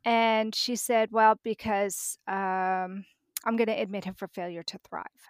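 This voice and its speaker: A woman's voice: medium pitch, steady tone, unhurried, smooth, no room sound, studio quality. A middle-aged woman, a podcast guest, telling a personal story vividly and acting out the dialogue.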